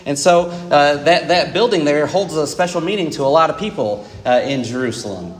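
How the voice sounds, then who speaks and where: In a large church auditorium, a man with a slightly high voice preaches a Sunday sermon at normal speed and with lively intonation. He addresses the congregation conversationally, with frequent fillers and asides.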